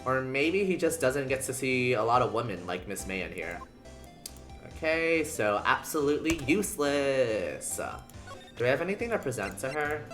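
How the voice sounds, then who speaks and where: Chatty streamer with lively pitch. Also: normal speed, soft background music. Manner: chatty, reacts and jokes while playing. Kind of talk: casual game commentary.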